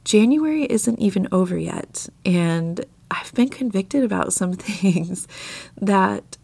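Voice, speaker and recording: A woman hosts a devotional Bible podcast, talking in an earnest, confessional way. Her voice is scratchy and gravelly from getting over a mild illness. The recording is dry and close. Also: medium pitch, lively intonation, slow pace, no echo. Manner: earnest, confessional, soft laughs. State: scratchy voice from tail end of an illness. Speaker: podcast host.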